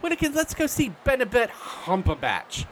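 An actor playing a haughty, insulting upper-class English gentleman in a comedy audio sketch, with an English accent. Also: extremely high pitch, wildly swooping pitch, normal speed, slight background noise, exaggerated voice. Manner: haughty, scornful, theatrical.

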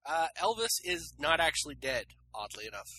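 A man co-hosting a comedy podcast, chatting casually with quick sarcastic quips and free swearing. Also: fairly high pitch, sing-song, pushed and bright. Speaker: podcast co-host.

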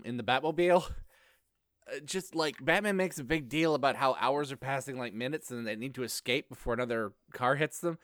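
A man co-hosting a podcast in casual chat, playful and quick to laugh. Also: mid-range voice, a bit bright, no echo, clean studio sound. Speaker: podcast co-host.

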